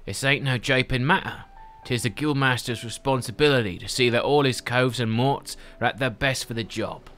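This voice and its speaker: A man's voice: mid-range voice, normal speed, fairly bright tone, soft background music, close to an everyday voice. A man voicing a jovial, slangy male rogue guildmaster in a video game reading, with a hearty, theatrical delivery.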